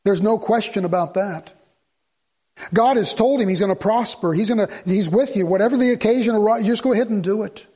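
High-voiced preaching man, loud then hushed. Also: brisk, breathy edge. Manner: preachy, swings from loud exhortation to low earnest asides. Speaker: pastor. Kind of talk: sermon.

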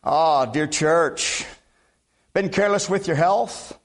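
A man's voice: on the high side, slow. An older man from Alabama, preaching a sermon in a folksy way with repeated amens. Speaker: guest preacher.

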